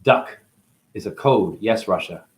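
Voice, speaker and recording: A man's voice: lowish voice, expressive, unhurried. A man acting as a spiritual teacher, talking through a rambling monologue with free-associating wordplay and musing asides.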